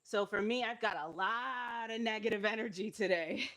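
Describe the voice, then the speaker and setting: A woman's voice: medium pitch, normal speed, fairly bright tone. A woman leading a live-streamed workout as fitness instructor, encouraging and laughing often while she is cramping and feeling unwell.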